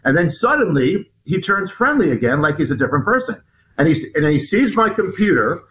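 A man, somewhat high-voiced, telling a guest's story in an interview. He speaks haltingly, restarting his sentences and repeating words as he goes. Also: very animated, fairly bright tone, slight background noise, poor audio. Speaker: author guest. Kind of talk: recounting a personal story in an interview.

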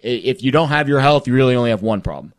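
A man co-hosting a sports talk show, speaking reflectively with rambling, halting phrasing. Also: mid-range voice, lively intonation. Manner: rambling, many fillers and restarts, reflective. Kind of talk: casual sports chat.

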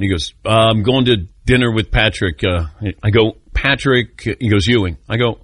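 A man's voice: lowish voice, normal speed, no room sound. A man hosting a sports call-in radio show, telling stories with a laugh and taking callers. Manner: storytelling, animated, laughs often.

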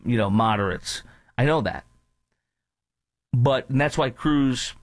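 A man's voice: mid-range voice, no echo. A man hosting a talk radio show, delivering a combative, emphatic political monologue. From North Texas.

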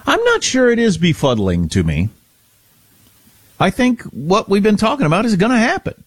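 A man's voice: high voice, wildly swooping pitch, moderate pace, husky, no echo, clean studio sound. A man co-hosting a talk radio show, giving sardonic, opinionated takes on politics. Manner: opinionated, sardonic, laughs at his own jokes. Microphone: studio microphone.

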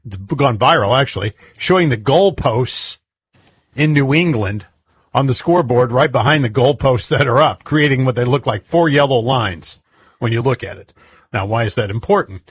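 A man's voice: medium pitch, animated, normal speed, slightly rough, no echo. A man co-hosting a talk show, telling a story in a chatty, casual way and laughing often. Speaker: co-host.

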